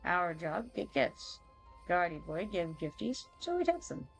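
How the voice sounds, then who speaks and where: A woman's voice: on the low side, very animated, a little slow, faint music behind, poor audio. A woman voicing a mischievous little male goblin helper who speaks in broken baby-talk grammar, reading quest dialogue aloud. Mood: impish.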